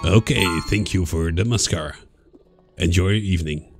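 Low-voiced man playing a video game. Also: moderate pace, faint music behind. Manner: reads game dialogue aloud, chuckles often. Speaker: gaming YouTuber. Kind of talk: let's play commentary.

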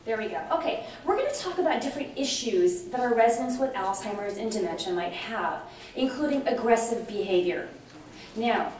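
A middle-aged woman giving a lively conference presentation, chatty and animated, often checking in with her audience. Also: on the high side. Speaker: conference speaker on dementia care. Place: large conference room. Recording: very echoey hall from far off, faint noise.

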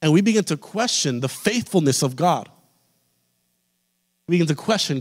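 A man in the pastor's role preaching a sermon with an American accent, building to forceful emphasis and asking repeated rhetorical questions. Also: a little high, animated, normal speed, pauses often. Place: church sanctuary. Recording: long hall reverb.

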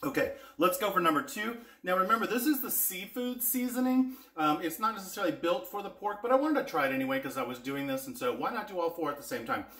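A chatty man hosts a casual taste-test vlog from a home kitchen and talks straight to his viewers. His voice sits a little high for a man. The room rings with echo. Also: lively intonation, fast talker, few pauses, a bit bright. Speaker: cooking vlogger reviewing spice blends.

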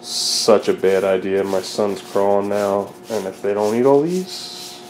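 A young dad vlogging at home indoors speaks in a fairly low, slightly mellow voice at a measured pace, with a little hiss or hum. Between bouts of baby talk, he swears and rants in exasperation at his cats.

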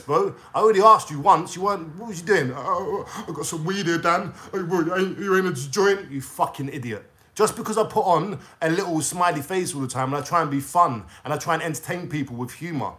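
A man's voice: on the high side, a bit bright. A young man with a London accent, venting a profane, confrontational call-out rant straight to camera in street slang. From England. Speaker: YouTuber.

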